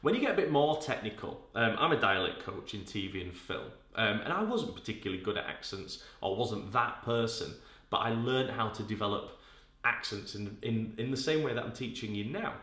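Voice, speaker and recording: A man's voice: lowish voice, lively intonation, normal speed, fairly bright tone. A man hosting acting tips, giving casual advice to camera as a dialect coach in a chatty, conversational way. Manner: chatty, conversational, uses filler words. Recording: echoey room.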